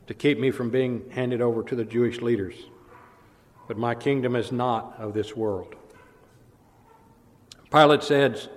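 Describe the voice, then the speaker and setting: Male preacher, sermon, dramatic storytelling, loud and hushed by turns, long hall reverb. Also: medium pitch. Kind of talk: sermon retelling scripture.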